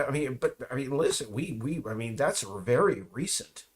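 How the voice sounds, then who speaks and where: A man in a casual, rambling monologue. He talks haltingly, with many restarts, trailing asides and mocking remarks. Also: mid-range voice, animated.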